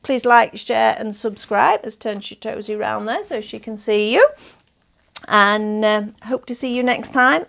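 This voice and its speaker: A woman, a little hoarse, chatting casually in a show-and-tell vlog about doll accessories, rambling and laughing often. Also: on the high side, measured pace, fairly bright tone. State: slightly hoarse, losing her voice. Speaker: doll collector vlogger.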